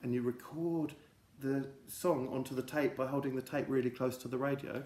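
A man hosts a silly mock lesson for children, rambling in a deadpan way that swings from loud to hushed. His voice sits at a middling pitch. The room around him is echoey. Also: moderate pace. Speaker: comedy presenter of a children's show. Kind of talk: absurd mock lesson for kids. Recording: roomy echo.

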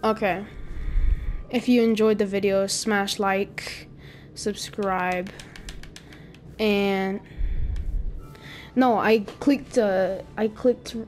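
Slow, giggly young woman gamer. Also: mid-range voice, fairly even intonation, soft background music. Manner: playful, giggly and teasing. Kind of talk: casual gameplay chat.

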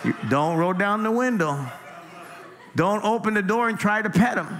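Pastor, male, high-pitched voice, chatty stop-start sermon delivery. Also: lively intonation, moderate pace, a bit bright. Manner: conversational preaching, lots of "man" and stammered restarts. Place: church sanctuary.

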